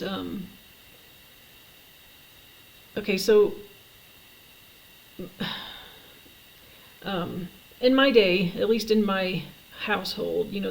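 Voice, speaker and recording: Middle-aged woman, gravelly vlogger voice, halting and reflective, faint hiss behind. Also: mid-range voice, rough recording. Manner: halting, reflective, with frequent fillers and restarts. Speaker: vlogger telling her life story. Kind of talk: personal storytelling to camera.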